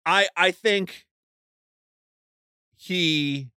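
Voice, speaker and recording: Man, podcast co-host, casual golf chat, smooth resonant voice, laid-back, lots of fillers. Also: high-pitched, very slow, pushed and bright, no room sound, studio quality.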